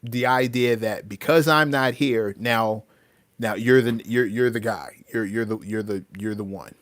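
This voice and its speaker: A man's voice: fairly low pitch, unhurried, fairly bright tone, no room sound, clean studio sound. Heated man ranting on a livestream. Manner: heated, emphatic, with many repeated restarts. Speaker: livestream host and rapper.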